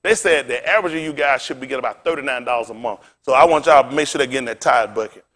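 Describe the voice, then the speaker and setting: A man preaching a fiery sermon, firing rhetorical questions at the congregation and dropping into low, conversational asides. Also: racing, a bit bright. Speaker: pastor.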